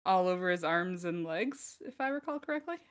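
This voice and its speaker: A woman's voice: lowish voice, lively intonation, brisk, smooth. A woman playing in a tabletop horror game, giggling often as she talks. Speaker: player. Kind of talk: casual tabletop role-play.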